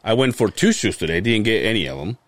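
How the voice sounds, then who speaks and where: A man co-hosting a podcast tells a long, rambling story in casual chat, swearing often and acting out other people's quotes. His voice is fairly low, animated, and fast, with no room sound.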